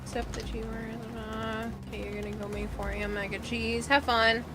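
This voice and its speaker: A streamer with a Boston accent chats casually on a livestream while crafting in a room at home with an air conditioner, rambling with lots of fillers and the occasional swear. Her voice is on the high side and level, at a moderate pace, with loud music behind it and poor audio.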